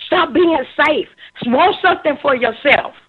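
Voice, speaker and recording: A woman in her fifties with a high, expressive voice takes her time pressing her points as a talk show commentator. Her social commentary is emotional and preachy, and she repeats words when worked up; the audio sounds thin, like a phone line.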